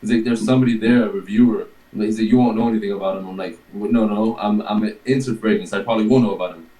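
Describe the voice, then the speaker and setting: Man, lowish voice, casual rambling story, swears, acts out quotes. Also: steady tone, fast talker, mellow, echoey room, poor audio. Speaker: guest telling a workplace story. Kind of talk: casual chat.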